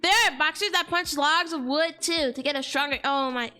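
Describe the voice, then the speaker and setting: A woman's voice: sits high, normal speed, bright, forceful tone, faint music behind. A woman streamer in casual chat, slangy and exclaiming, heavy on fillers like "like" and "dude".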